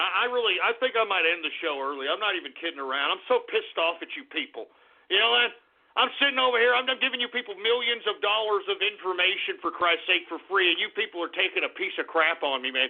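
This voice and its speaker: Angry ranting radio host, gravelly voice. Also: male voice, sits high, expressive, fast talker. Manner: angry, ranting, swearing, repeating himself. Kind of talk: live talk radio rant. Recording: tinny phone-like lo-fi radio recording.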